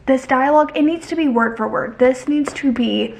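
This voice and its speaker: A woman with a fairly high voice and a lot of vocal fry talks through a book's story in a casual recap. She rambles, restarts her sentences and leans hard on her opinions. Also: normal speed. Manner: rambling, heavy on fillers and restarts; emphatic, opinionated. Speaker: book vlogger.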